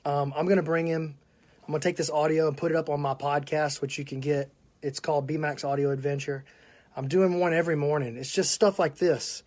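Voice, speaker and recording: A man's voice: a little high, fairly even intonation, a little fast. A man with a Southern US accent hosting a casual live stream, chatting and greeting viewers by name. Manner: chatty, shouting out viewers, laughing often. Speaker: podcast host.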